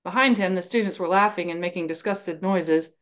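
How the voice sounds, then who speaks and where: A woman podcast host reading a fan novel aloud in an even, steady storytelling voice, on a slightly dull recording. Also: lowish voice, fairly quick, smooth.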